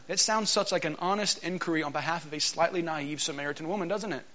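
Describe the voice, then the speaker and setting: A man preaches a lively Pentecostal sermon in a church, joking and calling out for the congregation's responses. His voice is high and bright. The recording sounds dull and lo-fi. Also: quick pace. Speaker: guest preacher, Bible college teacher.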